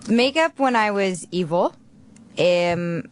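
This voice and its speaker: A woman's voice: medium pitch, animated, slow, a little hiss or hum. A young actress on a studio radio talk show, chatting casually and self-deprecatingly, often restarting her sentences. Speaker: actress guest.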